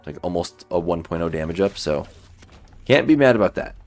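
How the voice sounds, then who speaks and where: Gaming commentator, male, very low voice, laid-back running commentary, faint music underneath. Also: brisk. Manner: relaxed, thinking aloud while playing. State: sleepy, yawning. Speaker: gaming YouTuber. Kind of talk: let's play commentary.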